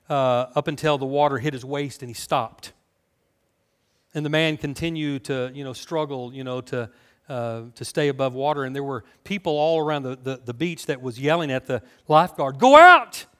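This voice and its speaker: With a medium-pitched voice, an American man delivers a sermon as a pastor, keeping it lively and conversational and peppering it with rhetorical questions.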